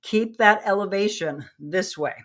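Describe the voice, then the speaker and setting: A woman's voice: medium pitch, unhurried, fairly bright tone. A middle-aged woman leading a live workout lesson, upbeat and coaching, out of breath as she demonstrates the moves. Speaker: fitness instructor.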